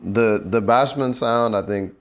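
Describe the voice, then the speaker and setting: Relaxed, low-voiced man telling stories. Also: unhurried. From Nigeria. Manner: relaxed, reflective, slips into rap flows. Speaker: musician. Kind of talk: casual interview chat.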